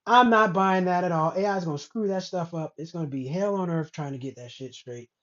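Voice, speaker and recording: A woman's voice: fairly low pitch, a little fast. Woman ranting bluntly, dull lo-fi sound. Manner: blunt, rambling, profane, animated asides. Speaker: host of a commentary show. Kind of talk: casual ranting commentary. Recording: dull lo-fi recording.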